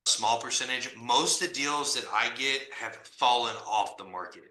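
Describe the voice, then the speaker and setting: A blunt, slangy man hosts a casual chat, telling deal stories with animation. His voice is strikingly bright and forceful, and it rings in an echoey room. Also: mid-range voice, moderate pace. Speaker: podcast host, real estate investor.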